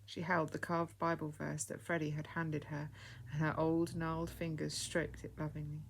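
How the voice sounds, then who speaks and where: A woman reading a children's story aloud as narrator, in a steady storytelling manner. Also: low voice, moderate pace, gravelly, breathy edge.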